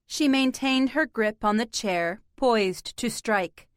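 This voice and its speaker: A woman narrates an audiobook in a measured, deliberate way. Her voice sits fairly high and she reads at an unhurried pace. The sound is dry and close. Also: smooth, dry recording. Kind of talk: scripted narration.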